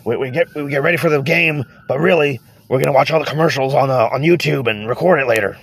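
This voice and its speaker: A man putting on a second voice as his own co-host, talking fast with hesitant restarts. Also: mid-range voice, creaky, fairly bright tone, husky, voice pushed up. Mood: insistent.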